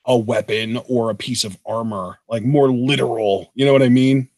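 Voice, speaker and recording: A man's voice: medium pitch, fairly even intonation, moderate pace, darkish tone, no room sound. A man co-hosting a live-streamed Q&A show, talking casually in a laid-back way with lots of "like" fillers. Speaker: co-host of a Q&A show.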